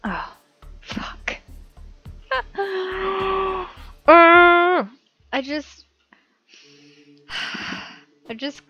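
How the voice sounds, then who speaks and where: A woman's voice: very high voice, expressive, very slow, long pauses, fairly bright tone, dull audio, soft background music. A woman giving rambling, giggly commentary while playing a video game. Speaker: gaming YouTuber. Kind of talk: casual let's-play commentary.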